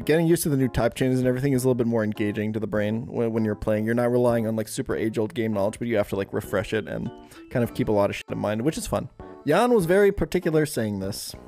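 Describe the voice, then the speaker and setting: Animated young German man. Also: medium pitch. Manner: animated, sarcastic and profane. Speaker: streamer. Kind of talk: casual meme reaction commentary.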